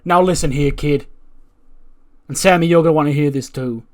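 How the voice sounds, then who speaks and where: A man's voice: a little high, normal speed, lightly acted. A man voicing a brash male wrestling manager who scolds and goads in swaggering trash talk. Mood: scolding.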